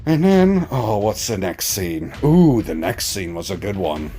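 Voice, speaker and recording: Animated, foul-mouthed male TV recapper. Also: on the low side, measured pace. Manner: profane, mocking and animated. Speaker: TV reaction reviewer. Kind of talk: casual episode recap.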